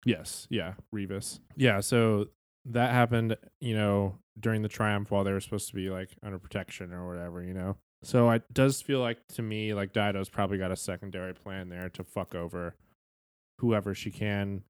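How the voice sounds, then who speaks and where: A man co-hosting a casual fan podcast, chatty and quick to laugh, swearing now and then. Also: lowish voice, fairly even intonation, clean tone, dry recording, studio quality. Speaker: podcast co-host.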